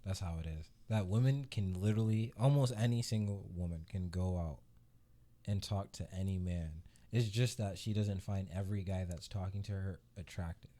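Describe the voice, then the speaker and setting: Man, lowish voice, reaction show host, blunt, profane, casual commentary. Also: normal speed, warm tone. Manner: blunt, profane, laughing asides.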